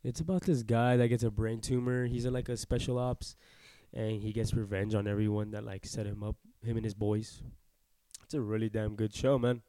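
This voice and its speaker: A man's voice: lowish voice, fairly even intonation, moderate pace, mellow, clear, resonant tone, no room sound. Young guy chatting on a podcast, stuffy nose, dry close mic, easygoing. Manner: laid-back, swears, says "man" and "dude" a lot. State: congested. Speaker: podcast co-host. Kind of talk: casual chat.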